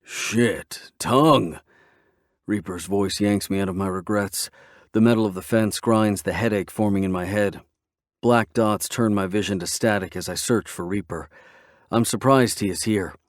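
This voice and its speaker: Guy narrating an audiobook, low voice, dry close mic, gritty and tense. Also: fairly even intonation, normal speed, no room sound. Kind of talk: first-person romance audiobook narration.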